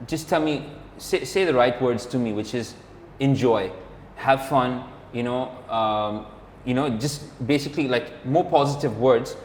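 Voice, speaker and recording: In a big, echoing room with a faint hum behind him, a man of medium pitch tells a story at a slightly slow pace, barely pausing. He's a podcast co-host and motorcyclist, rambling casually, stuffing his talk with "like" and "or whatever," and acting out what other people said.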